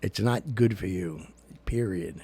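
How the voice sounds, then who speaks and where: A man's voice: deep voice, unhurried, warm tone, husky. A man hosting a casual talk show, chatting in a loose, jokey way with an American accent and lots of fillers. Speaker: show host.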